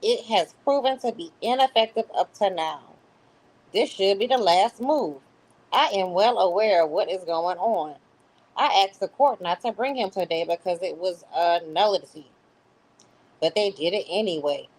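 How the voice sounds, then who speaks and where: A woman's voice: mid-range voice, normal speed, darkish tone, close to an everyday voice, low-quality recording. A woman voicing a lovesick adult woman texting her jailed lover, in an overwrought parody reading. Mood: gushing. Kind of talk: dramatic parody reading of text messages.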